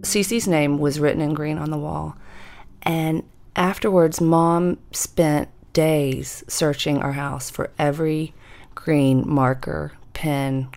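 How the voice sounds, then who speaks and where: Low-voiced woman telling a ghost story. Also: fairly even intonation, creaky, a little mellow. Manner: measured, deliberate storytelling with slowed emphasis. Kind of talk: personal storytelling podcast. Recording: music bed under the voice.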